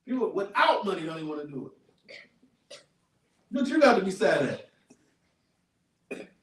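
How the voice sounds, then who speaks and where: A man with a high, ringing voice preaches loudly, repeating each verse in blunt slangy street talk and calling for the next one. The recording is echoey and he sounds set back from the mic. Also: very animated, measured pace, far from the mic. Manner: loud, emphatic, repeats and paraphrases verses, slangy. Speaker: street preacher teaching scripture. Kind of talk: street sermon with call and response.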